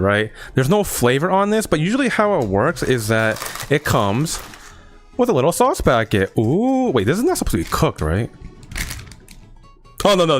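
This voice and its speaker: Young male streamer, animated pitch swings, rambling casual chat to viewers, faint music behind. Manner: chatty, addresses chat, rambling and playful. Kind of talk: casual live-stream snack review. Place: at a table at home.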